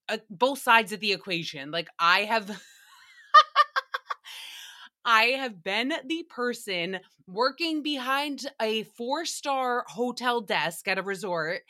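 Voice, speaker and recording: A young woman hosts a casual comedic recap, swearing freely and breaking into laughter as she goes. Her voice sits a little high with a bright, forward edge. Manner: profane, animated, laughs often. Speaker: podcast host.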